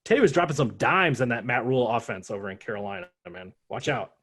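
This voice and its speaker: A man co-hosting a casual sports podcast, ranting with animated, profane jokes. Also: mid-range voice, fast talker, husky. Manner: animated, profane, joking rants. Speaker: podcast co-host.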